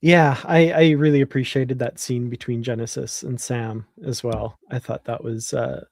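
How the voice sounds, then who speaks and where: Mellow, thoughtful man co-host. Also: mid-range voice, moderate pace, dry recording, studio quality. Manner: thoughtful, relaxed, hesitant with fillers. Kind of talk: casual chat.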